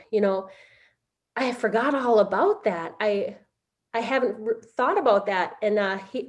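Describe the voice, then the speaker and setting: A middle-aged woman telling a personal story in a halting way, with many fillers and restarts. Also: a little high, a little mellow. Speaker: interviewee. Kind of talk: casual storytelling.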